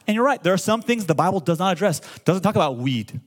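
A pastor in his forties gives an energetic sermon packed with call-and-response, his excitement showing in stammers and repeated words. His voice sits high, and he talks fast.

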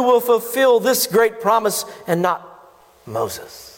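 A man's voice: high voice, big pitch swings, slow pace, in a large hall. A pastor preaching a sermon in a church, emphatic and full of rhetorical questions to his congregation. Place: church sanctuary.

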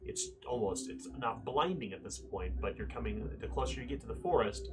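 A man's voice: medium pitch, lively intonation, brisk. A man narrating a tabletop game as game master, describing scenes vividly.

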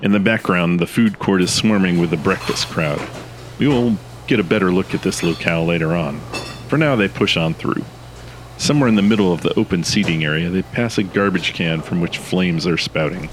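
A very low-voiced man reads the scene directions of a comedy audio drama. His delivery stays dry and deadpan. A faint hiss sits under the voice. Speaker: narrator. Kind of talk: deadpan scripted narration.

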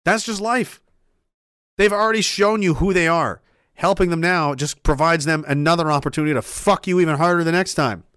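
A man's voice: fairly high pitch, a little fast, a bit bright, smooth, no echo, studio quality. A man delivering a heated, profane opinion rant, emphatic and rambling, with restarts and asides.

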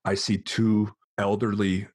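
American man, forties, low voice, a bit husky, casual storytelling, acts out quotes. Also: little pitch movement, a little slow, darkish tone, no room sound, clean studio sound. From United States. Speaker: podcast host.

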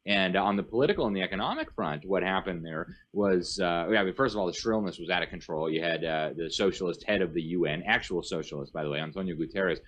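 A man's voice: sits low, fast talker, hardly any pauses, a bit bright. A man speaking as a guest commentator in an interview, emphatic and rattling off long lists. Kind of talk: animated interview talk.

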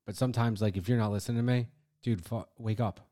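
A man's voice: fairly low pitch, steady tone, quick pace, dark tone. A man co-hosting a parenting podcast in casual chat, blunt and swearing, acting out exasperated lines to his kids. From Italian-American household. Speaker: podcast co-host.

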